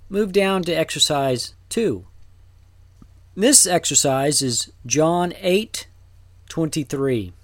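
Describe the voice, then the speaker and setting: A man teaching a recorded Greek lesson, talking slowly and deliberately, with fillers and restarts. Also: on the high side, lively intonation, dry recording.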